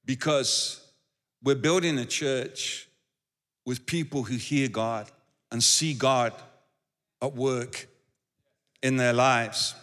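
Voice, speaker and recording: A man's voice: medium pitch, fairly even intonation, takes it slowly, long pauses, a bit bright, long reverb tail. A man preaching a sermon as pastor, talking conversationally and repeating words as he goes. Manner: conversational, repeats words, shifts into acted quotes.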